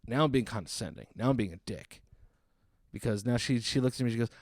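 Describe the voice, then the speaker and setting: A man's voice: medium pitch, animated, quick pace, no room sound, clean studio sound. A man telling a stand-up story in a sarcastic, exasperated way, acting out the people in it. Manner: exasperated, sarcastic retelling with acted-out quotes.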